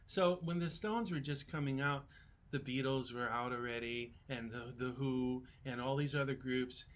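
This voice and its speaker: A man in his sixties, a songwriter on a festival panel, telling relaxed, folksy stories in casual talk. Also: mid-range voice, moderate pace.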